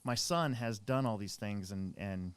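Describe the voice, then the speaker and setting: A man's voice: on the low side, unhurried. A man in his thirties hosting a podcast, telling a long rambling story in casual chat with many restarts. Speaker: podcast co-host.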